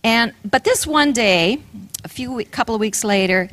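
A woman's voice: fairly high pitch, animated, moderate pace, fairly bright tone, dry recording. An older woman preaching a sermon, telling a personal story in an earnest way and asking the audience questions.

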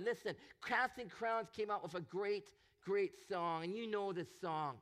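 A man preaching a sermon, animated and expressive, acting out the voices he quotes. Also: high voice, a little slow, hardly any pauses. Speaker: pastor.

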